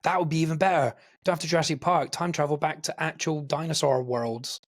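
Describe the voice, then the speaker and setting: A man's voice: on the high side, fairly even intonation, fairly quick. A man co-hosting a podcast, chatting casually about films with eager, rambling energy. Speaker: podcast co-host. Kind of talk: casual film chat.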